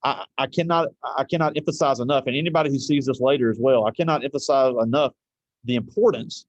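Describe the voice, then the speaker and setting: A man's voice: medium pitch, quick pace, dry recording, highs cut off. A man interviewing a guest at a school, earnest and searching for his words with fillers. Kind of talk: casual interview.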